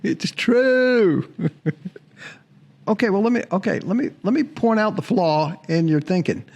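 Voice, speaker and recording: A man's voice: sits high, lively intonation, moderate pace, vocal fry, darkish tone, slightly rough, dull audio. Chatty man hosting a sports show. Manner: chatty, laughs often, mocks commenters. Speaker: sports podcast host. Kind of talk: casual monologue to viewers.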